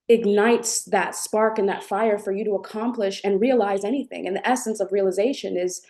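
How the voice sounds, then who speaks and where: A woman hosting a live-streamed spiritual talk, gentle and affectionate as she speaks to her viewers and reads their chat. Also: medium pitch. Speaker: spiritual channel host.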